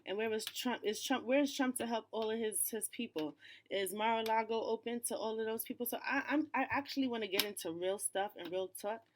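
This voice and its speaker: A woman's voice: a little high, a little fast, slight background noise. A woman hosting a casual pop-culture commentary channel off camera, talking in a loose, slangy way with lots of fillers. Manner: chatty, loose, slangy, with frequent "you know" and "um". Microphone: off camera, voice-over.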